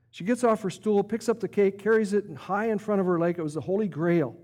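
A male preacher tells a story in a vivid, animated sermon. His voice is mellow and warm, pitched a bit high for a man. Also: fairly quick, few pauses.

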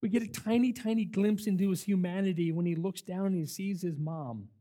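An older man, a camp director, giving a sermon full of stories, emphatic and animated as he acts out what people said. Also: high-pitched, a little fast. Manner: animated, emphatic storyteller who acts out quotes. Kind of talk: sermon with storytelling.

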